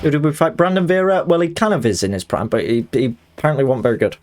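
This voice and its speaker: A man's voice: mid-range voice, quick pace, faint music behind. A young man chatting casually while streaming a fighting game, joking and putting on voices. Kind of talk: live game commentary.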